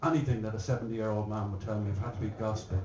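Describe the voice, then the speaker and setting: A man's voice: lowish voice, steady tone, very fast, a crowd in the background. A man telling a rambling joke live in a pub, slipping into mock French lines. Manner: rambling anecdotal delivery with mock French phrases. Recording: distant, roomy, dull live pub recording.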